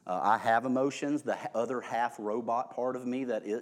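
A man preaching an informal, humorous sermon, joking at his own expense and swinging between hushed and loud delivery. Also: medium pitch, fairly even intonation, fairly quick. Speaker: pastor.

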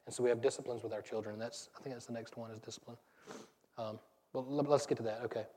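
Rambling Southern pastor in a reverberant hall. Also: male voice, mid-range voice, steady tone, fast, dark tone, slight background noise. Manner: rambling, self-deprecating, laughs at own stories. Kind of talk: casual conversational sermon. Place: church sanctuary. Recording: church hall with long reverb.

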